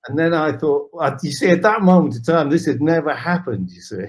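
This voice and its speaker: A man, a guest in an interview, telling an anecdote with animated asides. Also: a little high, brisk. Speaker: guest, charity founder. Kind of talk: storytelling in an interview.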